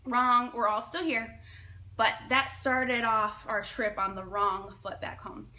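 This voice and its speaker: Bright high-voiced young woman telling a story. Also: slow pace. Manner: animated, dramatic, lots of "like". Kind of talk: casual personal anecdote.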